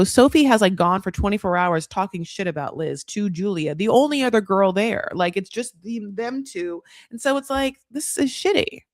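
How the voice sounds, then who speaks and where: A woman's voice: medium pitch, dry recording, clean studio sound. Gossipy, swearing woman recap host. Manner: candid, profane, gossipy, with a lot of "like". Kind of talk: casual commentary.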